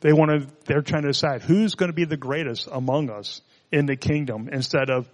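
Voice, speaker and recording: A man's voice: medium pitch, steady tone, brisk, hardly any pauses, long reverb tail. A man preaching a sermon, reading scripture and adding conversational, joking asides. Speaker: pastor.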